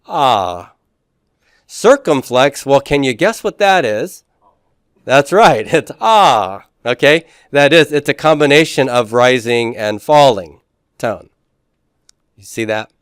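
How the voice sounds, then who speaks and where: A man teaching a classroom lecture in a relaxed way, with frequent fillers and restarts. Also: mid-range voice, a little slow, clean tone, no echo, studio quality.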